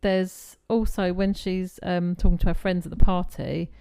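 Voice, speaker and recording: A woman co-hosting a podcast in casual chat, chatty and quick to laugh, with exasperated asides. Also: fairly low pitch, level tone, gravelly, dark tone, clean tone. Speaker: podcast co-host.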